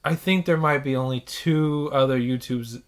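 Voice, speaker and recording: A man's voice: medium pitch, normal speed. A man co-hosting a podcast, chatting casually and acting out quotes as he tells stories. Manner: storytelling, acts out quotes. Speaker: podcast co-host. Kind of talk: casual chat. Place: living in Japan.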